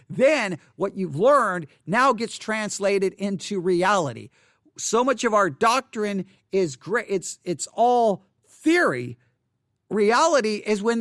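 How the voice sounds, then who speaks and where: A Bible teacher talks to camera in an unscripted video monologue, ranting in frustration and repeating himself. His voice is high and a bit bright, recorded dry with clean studio sound.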